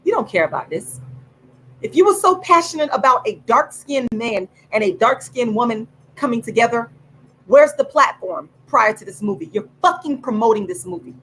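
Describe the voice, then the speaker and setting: A woman angrily ranting straight to camera as host of her own channel, swearing and repeating herself with drawn-out, emphatic words. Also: on the high side, lively intonation, fairly bright tone, a little hiss or hum, poor audio. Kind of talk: angry direct-to-camera rant.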